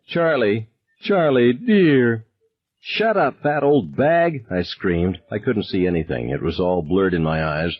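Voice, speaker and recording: A man's voice: sits low, husky, muffled recording. A man narrating a novel in the first person with intense delivery that rises with the tension. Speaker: audiobook narrator.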